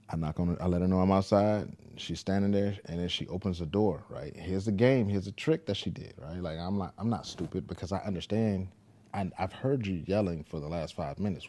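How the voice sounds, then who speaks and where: A father talking casually to the camera, telling a parenting story in a laid-back, deliberate way. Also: deep voice, warm tone.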